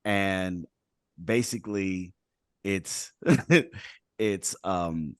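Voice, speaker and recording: A man's voice: low voice, very slow, clean tone, no room sound, studio quality. A man hosting a casual group chat over a video call, talking loosely and rambling, with lots of "like" and "right?". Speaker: show host.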